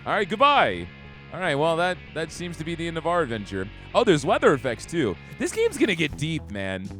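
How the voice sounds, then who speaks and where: Excitable man playing a game aloud. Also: fairly high pitch, fairly quick. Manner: excitable, joking, reads game text aloud. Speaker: gaming streamer. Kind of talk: let's-play commentary. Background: game music.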